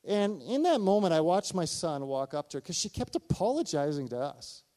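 A middle-aged male pastor preaching a sermon, telling a personal story with animated delivery and acted-out dialogue. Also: fairly high pitch, normal speed.

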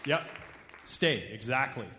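A man leading a church gathering, teaching in a relaxed, conversational way. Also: mid-range voice, takes it slowly, a faint crowd. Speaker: church leader. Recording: echoey hall reverb.

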